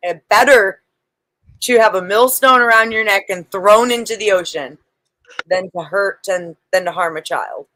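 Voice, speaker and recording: Woman, lowish voice, firm, quotes scripture, dry close sound. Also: moderate pace, sharp tone, no echo, poor audio. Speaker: panelist. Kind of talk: casual religious debate on a livestream.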